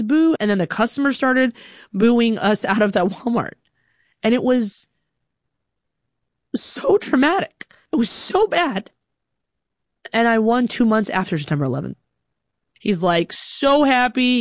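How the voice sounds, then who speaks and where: A woman telling a personal story on stage, animated and quick, often jumping into character voices. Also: mid-range voice, no echo, studio quality.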